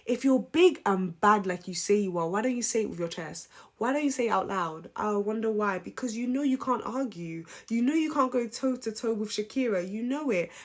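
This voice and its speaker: A woman giving a casual, opinionated recap, chatty and animated, with frequent ums. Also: mid-range voice, normal speed. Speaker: reality show recap vlogger.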